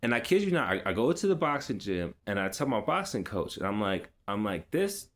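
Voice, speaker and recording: In a fairly low, sing-song and slightly bright voice, a man vlogs a personal story at a fairly quick clip. His telling is laid-back and rambling, packed with fillers, restarts and street slang.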